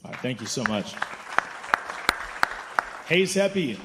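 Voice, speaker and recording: A man's voice: mid-range voice, very animated, slow, noisy background. A man hosting a fight press conference, hyping up each fighter in turn. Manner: upbeat, hypes the fighters. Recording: reverberant hall, faint crowd.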